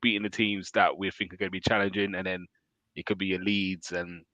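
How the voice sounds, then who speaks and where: A man hosting a casual match chat, relaxed and asking his co-host questions. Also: low voice, a little fast, no room sound, highs cut off. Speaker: football fan show host.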